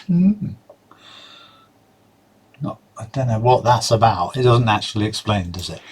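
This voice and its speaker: A man's voice: mid-range voice, big pitch swings, measured pace, long pauses, slightly rough. A man giving casual, sardonic commentary while reacting to a video. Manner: sardonic, mocking asides.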